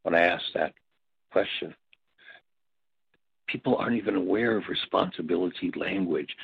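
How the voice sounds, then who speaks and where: An older man with a very low, gravelly voice leads a workshop, telling stories in a reflective, halting way. His tone is husky. The recording is dry and dull, like lo-fi audio. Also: no room sound. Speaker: workshop leader and teacher. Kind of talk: spoken teaching talk with stories.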